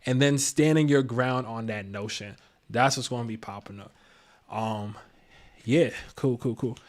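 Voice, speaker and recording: A man's voice: mid-range voice, measured pace. A man giving a casual live tarot reading, slangy and laid-back, chuckling to himself. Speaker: tarot reader and astrologer.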